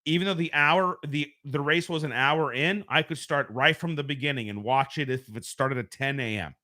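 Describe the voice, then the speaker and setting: Broadcasting casually from home on a streaming mic, this American show host speaks at a normal speed in a fairly high, pushed, bright voice. His talk is conversational and rambling, full of self-corrections.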